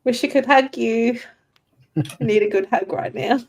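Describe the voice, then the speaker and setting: A woman's voice: a little high, moderate pace. A woman speaking as a guest on a casual livestream, heartfelt and thankful, close to tears. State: emotional, near tears.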